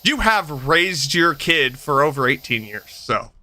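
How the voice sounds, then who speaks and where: A man's voice: on the high side, measured pace, slight background noise. A man in his thirties chatting casually on a game stream, swearing freely, laughing often and telling stories. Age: 30s. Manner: animated, profane, laughs often. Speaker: streamer host. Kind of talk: casual chat while gaming.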